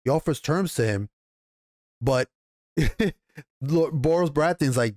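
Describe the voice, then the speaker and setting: A man's voice: fairly high pitch, measured pace, pauses often, darkish tone, dry recording, clean studio sound. A man with a New York accent casually recapping and reviewing an episode, swearing freely and acting out the characters' lines as he goes. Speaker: show reviewer.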